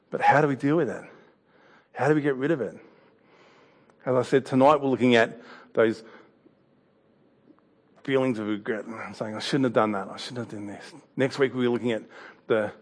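A male preacher, giving a sermon in a relaxed, conversational way. His voice sits at a middling pitch for a man, and he often drifts softer and quieter. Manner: conversational and warm, with laughs and anecdotes.

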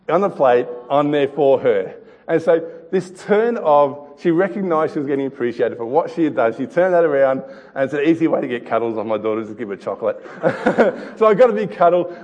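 A middle-aged man preaching a sermon, telling a family story with repeated words and soft chuckles. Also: mid-range voice, lo-fi sound. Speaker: pastor. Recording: long hall reverb.

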